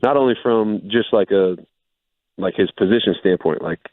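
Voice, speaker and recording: A former pro football player calls in to a radio show, a man with a somewhat low voice who talks in a laid-back, upbeat way full of "like." The call comes through a tinny phone line that sounds dry and close. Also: moderate pace, no room sound. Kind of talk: casual radio interview.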